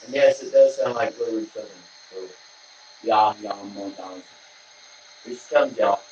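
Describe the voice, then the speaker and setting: A man's voice: on the low side, moderate pace, a little mellow, reverberant, far from the mic, highs cut off, a little hiss or hum. A man casually narrating as he runs his model trains, tossing in jokey asides and nonsense words. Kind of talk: casual running commentary while operating model trains.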